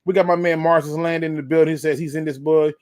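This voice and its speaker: A man hosting a live sports fan show, emphatic and hyped, repeating himself for effect and giving loose slangy shout-outs to viewers. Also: on the high side, flat delivery, quick pace. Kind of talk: live-stream football talk.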